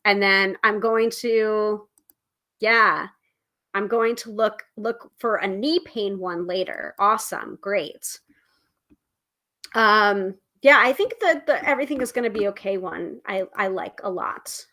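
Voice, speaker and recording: Bright-voiced chatty woman host. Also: mid-range voice, slow pace. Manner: rambling, chatty, self-interrupting. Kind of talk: casual livestream chat.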